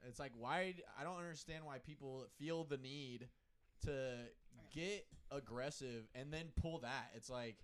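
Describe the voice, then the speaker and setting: A man's voice: medium pitch, measured pace. A young man on a podcast, rambling through a casual story with lots of fillers and swearing. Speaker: podcast co-host.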